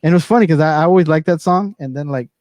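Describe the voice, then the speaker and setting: A man's voice: fairly high pitch, rapid-fire, darkish tone, no room sound. A man hosting a casual chat, loose and profane, trailing off as he hunts for names. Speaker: podcast host.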